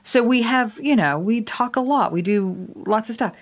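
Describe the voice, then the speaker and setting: A woman's voice: a little high, normal speed. A woman co-hosting a podcast, telling a rambling story in casual chat, swearing freely and laughing often. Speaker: podcast co-host.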